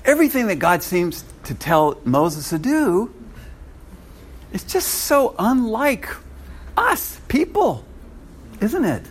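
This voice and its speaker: Male preacher, animated and chuckly, pitch swings widely, sits a bit high for a man. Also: takes it slowly, long pauses, husky. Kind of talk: sermon.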